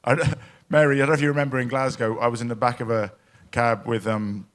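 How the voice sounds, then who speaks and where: A man giving an emotional, anecdotal speech at a live event in a pavilion, full of restarts and halting asides. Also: medium pitch, flat delivery. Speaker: panel speaker at a climate event.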